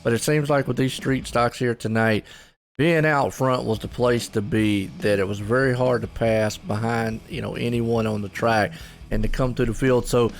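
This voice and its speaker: A man co-hosting a racing broadcast, introducing drivers and interviewing the winner in an easygoing way, full of folksy catchphrases. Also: medium pitch. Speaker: race broadcast co-host. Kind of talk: race commentary and interview.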